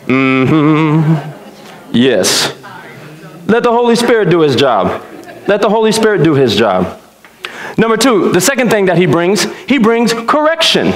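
A man preaching a sermon as pastor, an animated, joking storyteller. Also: fairly high pitch. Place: church sanctuary. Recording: echoey church room.

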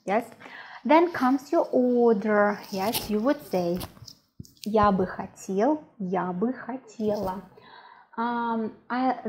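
Russian accent lady teaching, takes it slow, repeats every word. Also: medium pitch, warm tone, rough recording. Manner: patient, repeats words slowly. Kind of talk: language lesson.

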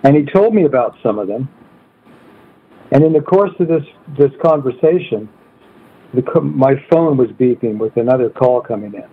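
A man with a husky voice, a coauthor guest, tells a personal story at a steady pace with many "uh" fillers. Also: mid-range voice, moderate pace. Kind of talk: storytelling in an interview. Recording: tinny phone line.

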